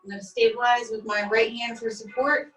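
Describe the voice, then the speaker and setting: A woman leading a guided stretching class, calmly cueing each step while she does the moves herself, recorded on a laptop mic across a room. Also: on the high side, a little fast. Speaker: stretching instructor. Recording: echoey room, distant mic, faint music.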